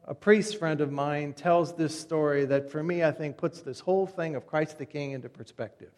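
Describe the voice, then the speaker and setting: Pastor preaching in a reverberant church. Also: male voice, fairly high pitch, moderate pace. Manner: conversational storytelling, voice drops soft at phrase ends. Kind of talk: sermon. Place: church sanctuary. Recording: long reverb of a church hall.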